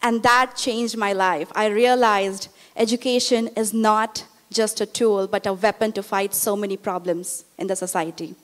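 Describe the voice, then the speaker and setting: A woman's voice: medium pitch, steady tone, normal speed, few pauses. A young woman from India, telling a personal story in an earnest way and quoting the people in it. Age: young adult. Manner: earnest, with frequent reported dialogue. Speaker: speaker telling her story.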